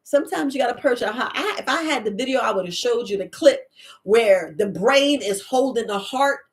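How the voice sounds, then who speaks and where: A woman herbalist host, talking in a casual, animated monologue and acting out the voices she quotes. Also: a little high, a little fast. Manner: animated storyteller, acts out quoted voices, laughs often.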